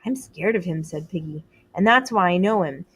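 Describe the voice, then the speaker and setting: A woman's voice: fairly low pitch, expressive, normal speed, a bit bright, slightly rough. A woman reading aloud, voicing an anxious, earnest schoolboy who talks in a plain, worried, pleading way. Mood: fretful.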